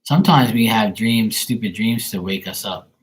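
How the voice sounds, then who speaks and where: A man's voice: on the low side, moderate pace. A man hosting a tarot livestream, chatting casually with viewers in a rambling, profane storytelling way.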